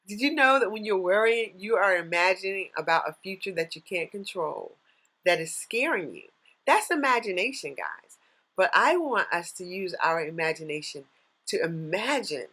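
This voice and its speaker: A woman in her thirties, a life coach giving an earnest, faith-based motivational talk on a live stream, with excited bursts. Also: fairly low pitch, low-quality recording.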